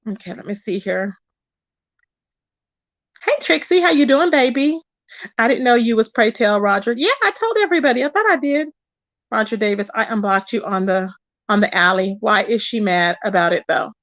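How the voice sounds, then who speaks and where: A chatty woman hosts a live stream, gossiping and answering her chat with pet names like baby and child. Her voice sits a little high, and the sound is dry and close, with no room around it. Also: normal speed, no room sound. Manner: animated and chatty, calls viewers "baby" and "child". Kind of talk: casual gossip commentary.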